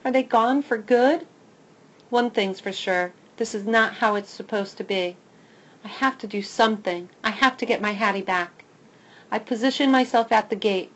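A woman narrating a first-person children's story in a lively, expressive way. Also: a little high, normal speed, low-quality recording. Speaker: audiobook narrator.

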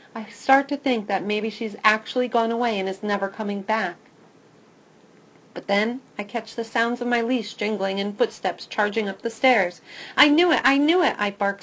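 A woman narrating a first-person children's story in a lively, expressive way. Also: mid-range voice, normal speed, low-quality recording. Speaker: audiobook narrator.

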